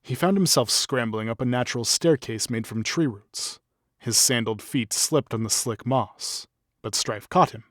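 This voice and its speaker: A man's voice: mid-range voice, normal speed, fairly bright tone, no echo, clean studio sound. A man steadily reading a fantasy story aloud as narrator. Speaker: audiobook narrator.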